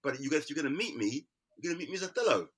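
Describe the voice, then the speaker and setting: A man's voice: a little high, sing-song, racing, fairly bright tone. A man, an artist, talking candidly as an interview guest, emphatic, repeating words and restarting his sentences.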